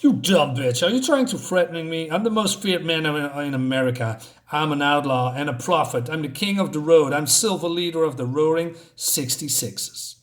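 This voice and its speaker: A man's voice: on the high side, moderate pace, natural voice. A man voicing an arrogant, menacing male gang leader from a comic, sneering and boastful.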